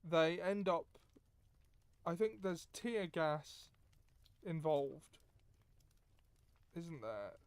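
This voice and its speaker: Slow, smooth-voiced man chiming in hesitantly. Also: a little high, very animated, no echo. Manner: slow, hesitant, unsure interjections. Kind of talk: casual chat.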